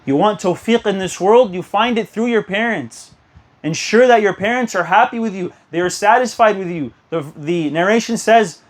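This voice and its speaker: A man's voice: sits high, normal speed. A young man giving an earnest sermon to a youth gathering, telling stories and urging listeners. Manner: earnest, exhortative, storytelling. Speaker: youth speaker.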